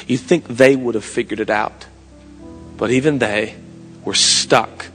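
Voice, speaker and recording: A man in his thirties preaching a sermon with passion, his voice climbing to shouts and dropping to quiet asides. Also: medium pitch. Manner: impassioned preaching, rising to shouts. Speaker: pastor. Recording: long hall reverb, music behind.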